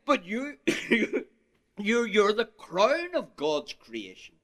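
Animated, lively-pitched male preacher. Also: slow pace. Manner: emphatic, rising and falling delivery with repeated "my friends"; archaic King James phrasing. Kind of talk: sermon.

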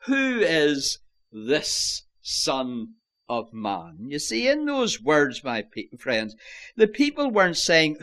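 A man preaching a sermon, slowly reading and explaining scripture and asking his listeners direct questions. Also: a little high, a bit bright. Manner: slow, measured preaching with scripture quotes.

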